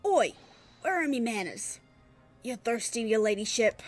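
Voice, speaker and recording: A woman doing a gruff British police inspector. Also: fairly high pitch, very animated, a little slow, soft background music. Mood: fawning. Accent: put-on British. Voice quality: rough put-on British accent. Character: gruff male police inspector, blunt, swaggering.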